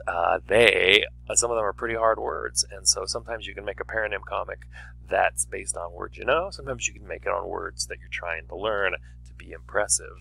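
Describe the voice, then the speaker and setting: A man's voice: deep voice, gravelly, sharp tone, husky, dry recording. A man teaching a writing lesson in a chatty, explaining way. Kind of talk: classroom video lesson.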